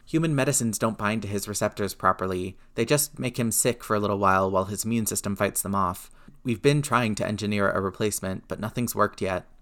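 A man reading aloud, voicing a rattled, snappy male inventor who talks fast and rambles defensively. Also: lowish voice, a bit bright, natural voice. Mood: brisk, tense.

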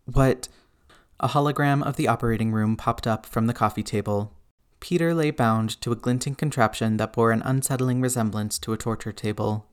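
A man narrating fiction in a measured, even audiobook reading. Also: medium pitch, clean tone. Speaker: reader.

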